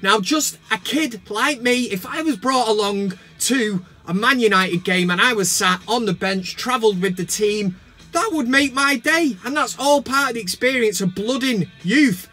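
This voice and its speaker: Bloke ranting about football, high bright voice, faint music behind. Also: male voice, normal speed. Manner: mocking, worked-up ranting. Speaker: football vlogger. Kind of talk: ranting fan commentary.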